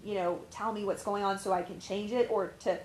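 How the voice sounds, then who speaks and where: A woman's voice: mid-range voice, fairly even intonation, fairly quick, darkish tone, echoey room, rough recording. A woman life coach giving casual, candid advice, rambling and swearing freely with lots of fillers. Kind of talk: casual talking-to-camera advice.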